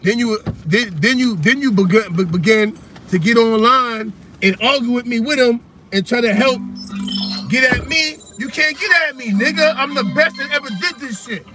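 A man's voice: extremely high pitch, normal speed, over music. A man hosting a show, arguing heatedly and talking over the other speaker, repeating himself to break in. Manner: confrontational, repeats himself to interrupt. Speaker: show host. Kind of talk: heated phone argument. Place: in a car.

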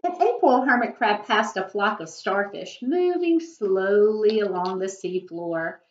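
A woman's voice: medium pitch, unhurried. A woman teacher reading a picture book aloud expressively, now and then asking her listeners questions. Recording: echoey room, dull lo-fi.

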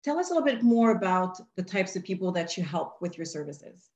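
A woman's voice: on the low side, big pitch swings, a little fast, darkish tone. A woman hosting an interview, upbeat and affirming as she asks her questions. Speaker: interview host. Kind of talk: casual interview chat. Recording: roomy echoey sound.

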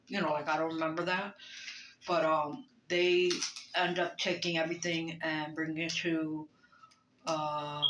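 A woman's voice: on the low side, a bit bright, slight background noise. Hesitant New woman in a roomy bedroom. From Brooklyn, New York. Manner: hesitant, full of fillers and restarts; emotional, reflective. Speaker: vlogger. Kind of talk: rambling personal vlog.

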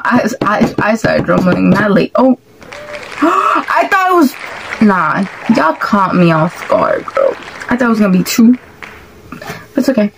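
A woman hosting a reaction video, talking in excitable, exclamatory bursts and swearing freely as she reacts. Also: a little high, slight background noise, poor audio. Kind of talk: casual reaction commentary.

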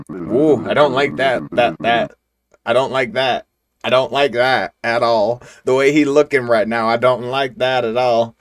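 A man's voice: medium pitch, unhurried. A young man casually commenting and joking as he plays a short horror game. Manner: joking, casual, reacts aloud. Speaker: gaming video creator. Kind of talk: let's play commentary.

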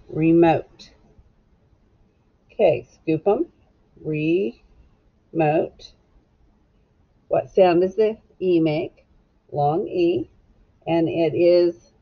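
A woman teacher giving a recorded phonics lesson to children, slowly sounding out letters and words in a clear, encouraging way. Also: lowish voice, highs cut off.

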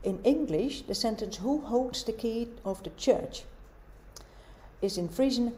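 A woman giving a university lecture, explaining in a measured way and asking rhetorical questions. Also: a little high, lively intonation, mellow.

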